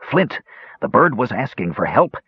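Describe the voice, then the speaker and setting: A man's voice: medium pitch, sing-song, measured pace, breathy edge, exaggerated voice. A man doing an earnest, insistent young warrior. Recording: dull lo-fi recording.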